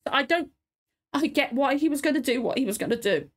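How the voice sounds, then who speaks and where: A tearful woman with a slightly raised pitch reacts to a show, sniffling between her words. She rambles, swears freely and talks in a loose, emotional way, as if she is at home at her computer. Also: expressive, brisk. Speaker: reaction video host. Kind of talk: casual reaction commentary.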